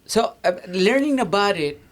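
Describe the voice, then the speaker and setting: A man's voice: sits high, lively intonation, normal speed. A man with a Mexican accent talks loosely on a podcast. He rambles, circles back and restarts his sentences, padding them with fillers. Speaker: podcast co-host. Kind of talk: casual chat.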